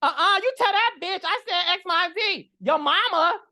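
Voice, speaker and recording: A man voicing a sassy woman dentist with a shrill, taunting, brassy delivery. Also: animated, normal speed, sharp tone, exaggerated voice.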